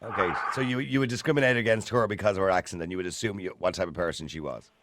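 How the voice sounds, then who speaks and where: A man hosting a radio phone-in, animated and probing as he questions callers. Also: low voice, racing, noisy background. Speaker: radio talk show host.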